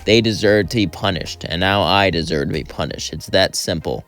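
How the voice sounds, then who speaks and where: A man voicing a brooding middle-aged vigilante in a spoken fan story, terse and flat. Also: sits low, normal speed, soft background music. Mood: grim.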